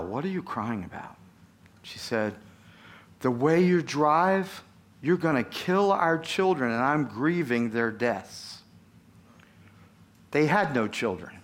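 A man's voice: medium pitch, fairly bright tone. A man, a pastor, preaching a sermon in a conversational way and putting questions to his congregation.

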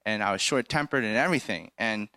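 A man's voice: lowish voice, fast, sharp tone, no room sound. A young man earnestly telling his personal faith testimony in a conversational, storytelling way. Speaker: testimony speaker.

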